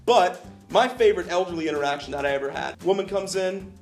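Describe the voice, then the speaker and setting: A young man co-hosting a casual podcast, telling animated stories and putting on voices for the people in them. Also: fast, creaky, faint music behind. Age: young adult. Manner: animated storyteller, acting out people in high voices. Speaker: podcast co-host. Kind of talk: casual chat. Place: vape shop area in Florida.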